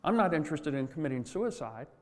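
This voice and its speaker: Brief: sly, courteous male scorpion from a spoken fable, pitched a bit higher and wheedling, as a man telling the fable puts him on. Some hall echo. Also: big pitch swings, quick pace. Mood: polite pleading.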